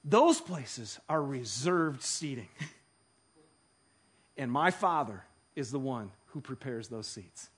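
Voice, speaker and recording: A man preaching a sermon, telling stories with animated delivery that swings from hushed to loud. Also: medium pitch, slow, long pauses, husky. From Detroit. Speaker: pastor.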